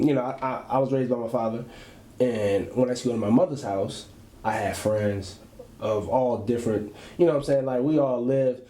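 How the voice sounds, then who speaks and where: A young man co-hosting a podcast, talking in a slangy, relaxed casual chat and often repeating his phrases. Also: mid-range voice. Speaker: podcast co-host.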